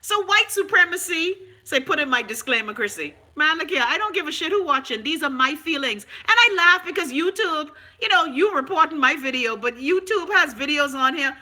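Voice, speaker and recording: Middle-aged bahamian lady ranting to camera, high voice, super bright and sharp, cussing and sarcastic. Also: expressive, brisk, few pauses. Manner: sarcastic, profane and emphatic. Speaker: vlogger. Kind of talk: unscripted vlog rant.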